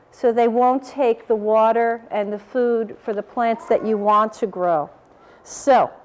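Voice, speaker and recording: A woman reading a picture book aloud to children, animated and asking them questions. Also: high-pitched. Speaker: storyteller.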